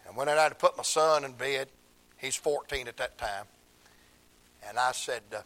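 An older man, preaching a sermon through emotional stories, swinging from hushed tones to shouts. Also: mid-range voice, moderate pace, long pauses.

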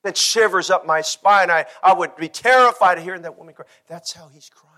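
A man preaching a sermon as pastor, swinging from hushed lines to loud cries and acting out the people in his story. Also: sits high, brisk. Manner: preaching with dramatic shifts between hushed and shouting; acts out quotes in character voices.

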